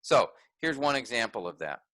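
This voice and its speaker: A man's voice: mid-range voice, very animated, normal speed, fairly bright tone, no room sound, rough recording. A man teaching a graduate workshop in a conversational way, thinking aloud with restarts and fillers.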